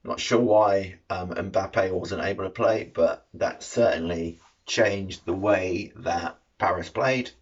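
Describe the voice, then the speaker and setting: A man's voice: low voice, slow, few pauses, husky. A middle-aged man chatting casually through the news from his shed, cheeky and sweary, with dull lo-fi sound. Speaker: vlogger.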